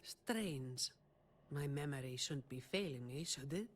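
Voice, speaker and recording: Soft-spoken game companion, deep and slow. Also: female voice, lively intonation, husky, exaggerated voice. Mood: calm.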